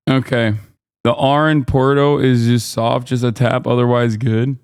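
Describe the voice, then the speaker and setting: Sarcastic male streamer, smooth dry voice. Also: mid-range voice, steady tone, normal speed, no room sound. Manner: joking, sarcastic, talks back to chat. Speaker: streamer host. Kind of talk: casual reaction commentary.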